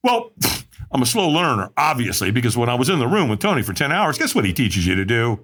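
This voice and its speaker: A male guest tells a personal story in a vivid, animated way, acting out the other people in it. His voice has a husky edge. His pitch rises and falls widely as he builds the tension. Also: fast talker. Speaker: podcast guest.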